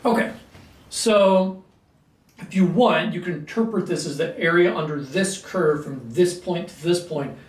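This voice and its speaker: A man teaching a calculus lesson at a whiteboard, clearing his throat often and talking through steps with fillers. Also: high-pitched, unhurried. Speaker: math teacher. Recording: echoey room, mic at a distance.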